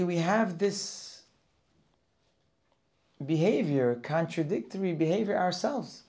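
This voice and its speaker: A man's voice: medium pitch, measured pace, long pauses. A man teaching a Torah class for Rosh Hashanah, reading Hebrew verses and translating them line by line. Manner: reads Hebrew verses and translates each, rising and louder as he goes.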